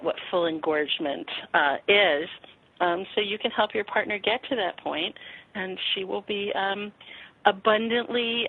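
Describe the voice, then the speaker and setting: A woman sexuality teacher answering interview questions frankly and warmly, acting out little quotes as she explains. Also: mid-range voice, no room sound. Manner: frank, animated, acts out quotes with laughs. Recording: tinny phone-line sound.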